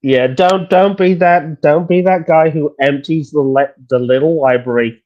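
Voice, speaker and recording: A man's voice: on the high side, measured pace, highs cut off. A man co-hosting a casual book-talk podcast, talking animatedly with stumbling restarts. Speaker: podcast co-host. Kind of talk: casual chat.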